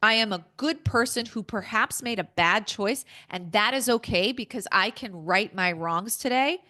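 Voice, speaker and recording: Woman guest on a podcast, talks real candid and punchy, acts out her own inner voices, pretty bright tone. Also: medium pitch, normal speed.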